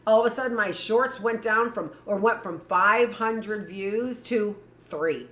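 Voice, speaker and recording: A woman teacher leading a livestreamed lesson for young children, talking loudly and rambling through joking asides to herself. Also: mid-range voice, unhurried, few pauses. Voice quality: loud voice. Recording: echoey room.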